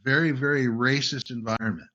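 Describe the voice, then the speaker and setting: Host: man, bright forceful voice, emphatic coaching delivery, dull lo-fi recording. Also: mid-range voice, fairly even intonation, a little fast. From United States. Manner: emphatic, keeps checking in with "right?". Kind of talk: casual coaching talk. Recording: dull lo-fi audio.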